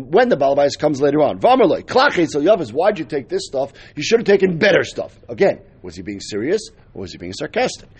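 A man with a husky voice teaching a Talmud lesson, explaining step by step and mixing in Hebrew and Aramaic terms. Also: on the high side.

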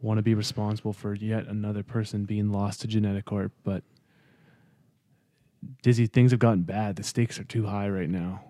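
A man's voice: fairly low pitch, flat delivery, moderate pace, warm tone, no room sound, studio quality, close to an everyday voice. A man voicing an earnest male lizard-man test subject in a tabletop role-play, speaking hesitantly and stammering.

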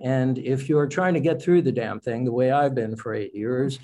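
A man's voice: mid-range voice, moderate pace, dark tone. A man, an author and poet, talking about his craft in an interview with a chatty, self-deprecating manner. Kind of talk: radio interview conversation.

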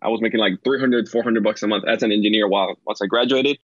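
A man's voice: lowish voice, fairly even intonation, quick pace, breathy edge, no echo. Dominican guy, rambly casual storytelling, kinda muffled dry audio. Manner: rambling, lots of "like" and "uh", laughs easily. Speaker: podcast guest, entrepreneur. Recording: slightly dull, dry lo-fi sound.

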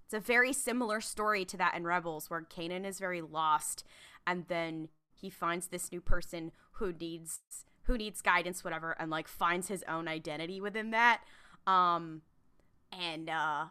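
A woman's voice: on the low side, normal speed, pushed and bright, smooth. A woman co-hosting a podcast in casual chat, rambling with many fillers and laughing as she talks. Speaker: podcast co-host.

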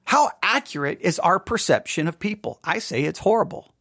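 A man preaching a sermon, emphatic and repetitive, firing off rhetorical questions and sometimes dropping into quiet asides. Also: high voice, lively intonation, normal speed, gravelly, no echo, studio quality.

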